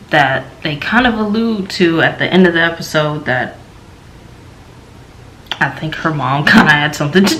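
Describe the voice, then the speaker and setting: A woman's voice: fairly bright tone, a little hiss or hum, poor audio. A young woman from the American South with a light Southern accent, casually reviewing a TV episode in a rambling way with many fillers. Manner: rambling, filler-heavy, slow and low-key. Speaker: TV show reviewer.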